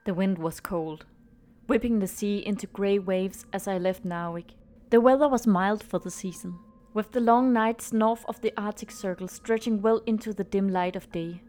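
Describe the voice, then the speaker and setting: A woman playing a student podcaster who chats hesitantly and then reads a ghost story aloud in a steady voice. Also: medium pitch, moderate pace, faint music behind, lightly acted. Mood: storytelling.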